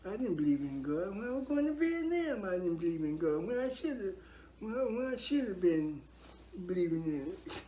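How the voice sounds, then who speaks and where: A man's voice: sits high, big pitch swings, moderate pace, dark tone, slight background noise. An older man giving a heartfelt spoken testimony about his faith, earnest and preachy, repeating himself for emphasis.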